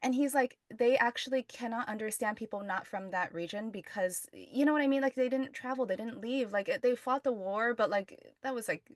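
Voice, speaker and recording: A woman's voice: a little high, fairly quick, few pauses, dry recording, clean studio sound. A woman hosting a casual podcast conversation, rambling with lots of fillers. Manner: rambling, heavy on fillers like "like" and "you know".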